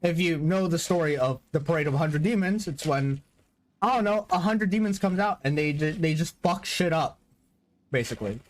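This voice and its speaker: A man's voice: on the high side, moderate pace. A man streaming a game, rambling casually, swearing and stammering, with a headache. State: has a headache. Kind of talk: casual live-stream commentary.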